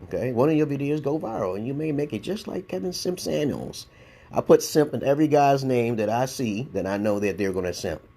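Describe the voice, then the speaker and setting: A man's voice: medium pitch, lively intonation, brisk, creaky, warm tone. Blunt, profane New York man ranting. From Brooklyn, New York. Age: 40s. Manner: blunt, profane, rambling with repeated "okay?". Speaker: YouTube commentator. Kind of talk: casual response-video rant.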